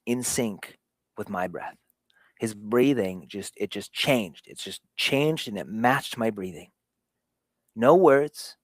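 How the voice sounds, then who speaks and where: Earnest low-voiced man on fatherhood. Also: expressive, slow pace, no echo. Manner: earnest, swings between hushed and emphatic. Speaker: show host. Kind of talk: motivational talk on fatherhood.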